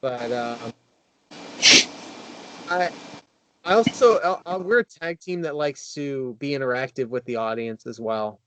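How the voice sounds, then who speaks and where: A man who wrestles, talking excitedly in a casual roundtable, full of fillers and restarts. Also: medium pitch, measured pace, long pauses, heavy background noise.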